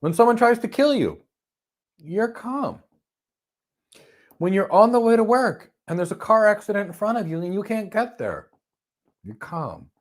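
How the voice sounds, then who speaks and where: A man giving a motivational talk on stress, telling stories with emphatic bursts that drop to soft, calm lines. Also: sits high, unhurried, long pauses. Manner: animated storyteller, swings from loud emphasis to soft calm. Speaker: host. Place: lives in Florida.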